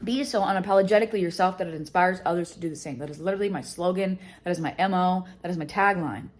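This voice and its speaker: A woman's voice: fairly low pitch, quick pace. A woman vlogger and education business founder talking candidly and emotionally about her life, swearing freely. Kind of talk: candid personal vlog talk.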